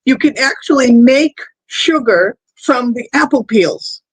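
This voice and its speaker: A man's voice: very high voice, expressive, measured pace, husky, no room sound. A man hosting a live stream, telling rambling personal stories in casual chat. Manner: rambling anecdotal storytelling. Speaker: stream host.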